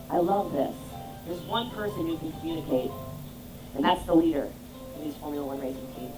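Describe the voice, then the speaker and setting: A woman's voice: lowish voice, expressive, a little fast, a little mellow, faint music behind, low-quality recording. A woman business coach giving an emphatic motivational talk, firing rhetorical questions at her audience. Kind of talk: motivational speech.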